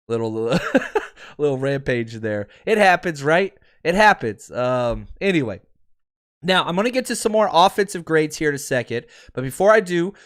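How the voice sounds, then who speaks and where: A male podcast host delivers a fired-up fan rant in a fairly high voice. His pitch leaps and dips constantly, from near-shouted jabs to mumbled, laughing asides. It sounds like a casual streamed show on a desk mic. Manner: animated, swings from ranting to laughing asides.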